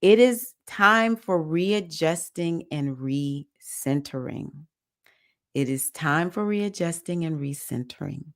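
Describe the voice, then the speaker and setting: A woman's voice: deep voice, lively intonation, slow pace. A woman with a Southern US accent hosting a casual live-stream session as a spiritual teacher, reading viewers' comments and cheering them on. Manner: warm, encouraging, reads comments aloud and cheers viewers.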